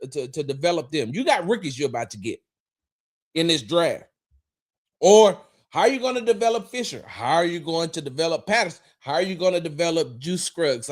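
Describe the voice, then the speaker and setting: A man hosting a livestreamed football talk show. He rambles with animated energy, talks straight to chat viewers, and drops profane, confrontational asides. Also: fairly high pitch. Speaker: sports talk show host.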